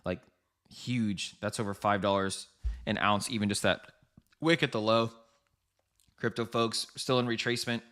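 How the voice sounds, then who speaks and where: Commenting on the markets during his live trading stream, a man chats casually with viewers, addressing them directly and laughing often. His fairly low voice is a bit bright and steady in tone, moving at a moderate pace with long pauses.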